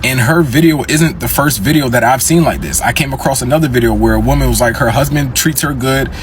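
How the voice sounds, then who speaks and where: A man's voice: mid-range voice, fairly quick, a little hiss or hum. Blunt, angry man swearing hard. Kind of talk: response video.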